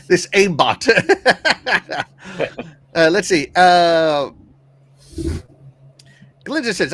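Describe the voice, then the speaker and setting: A man hosting a podcast in casual chat, animated, laughing often and shouting out viewers. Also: high voice, extremely slow, long pauses. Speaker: podcast host.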